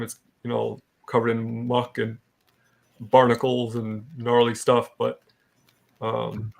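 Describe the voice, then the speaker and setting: Casting: male dungeon master, gravelly and unhurried, halting delivery with lots of ums. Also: mid-range voice. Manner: halting, relaxed, with frequent ums. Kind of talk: narrating a tabletop game.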